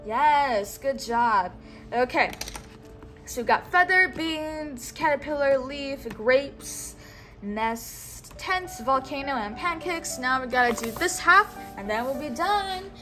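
A woman teaching a child one-on-one, speaking slowly and patiently and repeating words for the child to say back. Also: sits high, lively intonation, a bit bright, faint music behind. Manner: slow, coaxing, repeats words for the child to echo.

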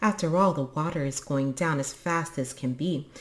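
A woman voicing a small, eager young male troll in a storybook reading, excited and raised in pitch. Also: moderate pace, roomy sound, close to an everyday voice. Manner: excited, high and loud.

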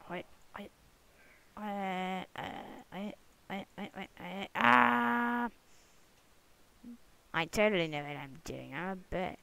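Young let's-play gamer, unhurried and rambling, gravelly but smooth-toned, goofy asides and bursts of excited whooping. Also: medium pitch, low-quality recording. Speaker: gamer recording gameplay commentary. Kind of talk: casual let's-play commentary. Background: other people talking in the room.

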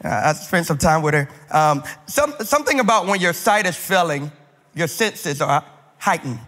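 Bright-voiced male preacher with a speech impediment. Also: a little high, moderate pace, big-room sound. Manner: animated, humorous, talks straight to the crowd. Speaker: pastor. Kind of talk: sermon with comic storytelling.

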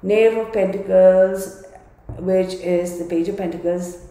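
In a tarot card reading video, a reader gives an emphatic reading, thinking aloud and repeating or restarting phrases. The voice is mid-range with a dark tone, recorded in a very echoey room.

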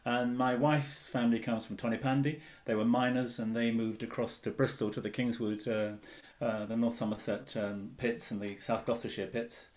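A man speaking on a publishing panel over a video call, talking casually and teasing his colleague with jokes. His voice sits at an ordinary pitch for a man. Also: level tone, moderate pace, a little mellow. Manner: teasing and jokey.

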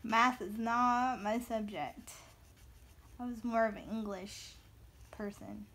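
A woman's voice: on the high side, fairly even intonation, fairly bright tone. A woman in her thirties, from the American South, chatting casually and giggling as she colors for her viewers. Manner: chatty, giggly, slow-paced. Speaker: coloring video host. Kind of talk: casual chat while coloring.

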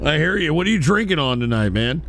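A man hosting a profane call-in stream, ranting furiously and sometimes shouting. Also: a little high, very animated, quick pace, vocal fry. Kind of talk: profane live call-in show.

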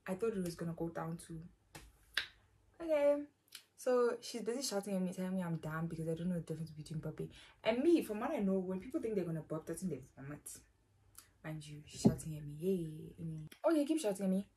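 A young woman with a South African accent tells a personal story in a loose, rambling way. She fills her talk with slang and keeps saying "bro". Her voice sits a little low for a woman. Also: animated, a little fast, background noise. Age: young adult. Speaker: YouTuber. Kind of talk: casual storytime.

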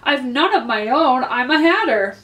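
Nervous, trembling hatter, high and pleading, as a woman voices him; roomy room. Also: lively intonation, normal speed, fairly bright tone. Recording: roomy echo.

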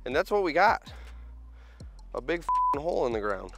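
A man's voice: a little high, sing-song, normal speed, loud music behind the voice. Tired, chatty construction vlogger man. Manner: chatty, joking, self-deprecating. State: tired after a long hot week. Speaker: heavy equipment operator and vlogger. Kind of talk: casual vlog to camera. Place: outdoor construction site. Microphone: handheld camera.

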